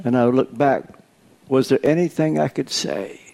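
An older man in his eighties preaching a sermon, deliberate and posing rhetorical questions to his congregation. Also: mid-range voice, vocal fry, darkish tone. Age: 80s.

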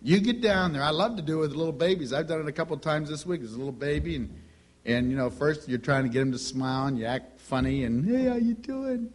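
A middle-aged man preaching a sermon, telling stories with lively delivery and acting out the voices of the people in them. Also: a little high, fast talker. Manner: animated storytelling, acts out quoted voices.

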